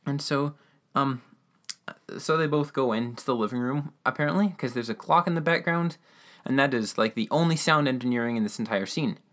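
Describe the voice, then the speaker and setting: A man's voice: mid-range voice, brisk, fairly bright tone. Rambling, enthusiastic man recapping. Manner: rambling, enthusiastic, filler-heavy. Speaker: radio-drama episode reviewer. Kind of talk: casual recap.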